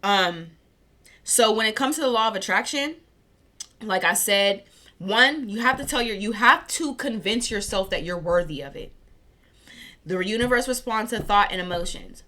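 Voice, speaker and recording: A woman giving a casual spiritual reading, chatty and excited, tripping over her words, with a scratchy throat. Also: medium pitch, moderate pace. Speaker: tarot reader. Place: warm room at home.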